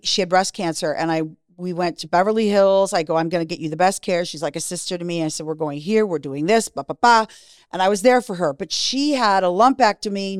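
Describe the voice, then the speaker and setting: A woman's voice: fairly low pitch, dry recording, studio quality. A woman in her fifties, a guest in an interview, telling her story bluntly, swearing freely and acting out what people said.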